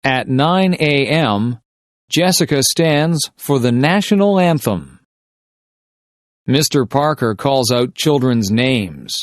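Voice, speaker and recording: In a dry, clean studio recording, a man with a medium-pitched voice and lively intonation reads simple short stories for English shadowing practice. His scripted reading is slow and deliberate, carefully pacing each short sentence.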